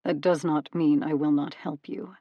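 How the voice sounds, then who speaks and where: A woman voicing a proud male god of the underworld in an audiobook, cool and commanding, with a warm soothing baritone put on. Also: fairly even intonation, normal speed, no room sound, dull audio. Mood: gentle. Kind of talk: audiobook character voice.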